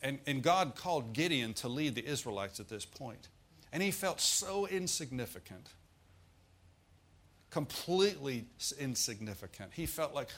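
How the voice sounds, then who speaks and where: A man's voice: medium pitch, big pitch swings, normal speed, a bit bright, husky. Folksy male preacher. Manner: folksy, humorous preaching with asides. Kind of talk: sermon.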